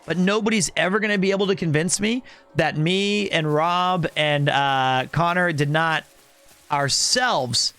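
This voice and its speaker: Male streamer, high bright tone, loose joking chatter over faint game music. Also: a little slow. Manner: rambling, playful, jokey. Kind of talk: casual live-stream chat.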